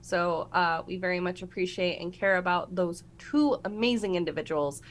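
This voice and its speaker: A woman's voice: fairly low pitch, moderate pace. A woman hosting a tabletop game stream, reading announcements in a chatty way with many ums and uhs. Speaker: game master and show host.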